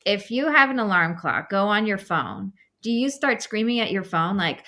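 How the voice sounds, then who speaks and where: A woman hosting a podcast and coaching, chatting in an animated way and acting out the people in her stories. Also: mid-range voice, moderate pace, few pauses. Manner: animated, acts out quoted voices in stories. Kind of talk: conversational podcast chat.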